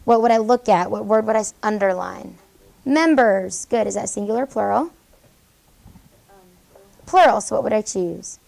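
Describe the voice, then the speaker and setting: A woman teaching a high school English class, brisk and encouraging, questioning students as she goes. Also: gravelly, a little mellow, poor audio. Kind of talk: classroom lesson.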